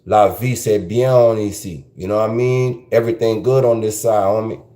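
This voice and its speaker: A man's voice: fairly low pitch, fairly even intonation, normal speed, dark tone, reverberant. A man with a South Louisiana Creole accent hosting a podcast, talking loosely and rambling, dropping in Creole French phrases. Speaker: podcast host. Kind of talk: casual commentary monologue.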